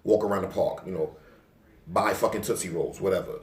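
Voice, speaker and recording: A young male vlogger from Staten Island, New York, tells a personal story in loose, profane street talk, his low voice moving fairly quickly. He acts out his own past lines louder, and the recording has a little hiss or hum and sounds roomy, with him distant from the mic.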